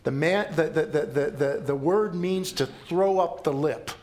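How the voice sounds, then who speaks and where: A man's voice: a little high, measured pace, a little mellow. Man preaching a dramatic sermon. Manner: dramatic storytelling with emphatic repetition. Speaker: pastor.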